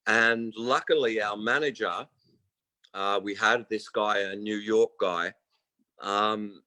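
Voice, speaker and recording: A man's voice: medium pitch, a bit bright, dry recording, rough recording. Man in his sixties, guest on a remote call, rambling anecdotes, dry close sound. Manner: rambling storyteller who acts out quoted voices. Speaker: guest musician. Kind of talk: casual interview chat.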